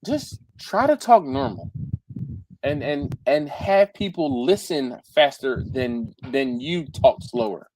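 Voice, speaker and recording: A man's voice: mid-range voice, expressive, takes it slowly, darkish tone, slight background noise, low-quality recording. A man hosting a casual live chat, rambling and stumbling over repeated words, acting out quotes with jumps in his voice. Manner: acts out quotes with big jumps in voice. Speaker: livestream host.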